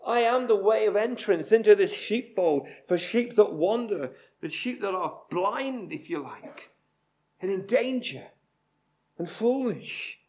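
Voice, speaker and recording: A man preaching a sermon, with deliberate, emphatic delivery and slow, repeated phrases. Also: sits high, lively intonation, darkish tone.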